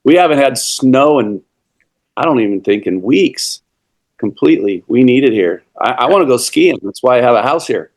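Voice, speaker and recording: A man on a casual video panel, lively and joking. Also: mid-range voice, normal speed.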